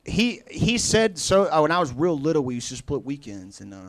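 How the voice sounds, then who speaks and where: Young male stand-up, slightly high voice, halting and rambly, jumps into character voices. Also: very animated, no echo. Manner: rambling, halting delivery full of fillers and restarts; acts out other people's lines in shifting voices. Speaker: stand-up comedian. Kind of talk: stand-up comedy set. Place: comedy club stage before a live audience.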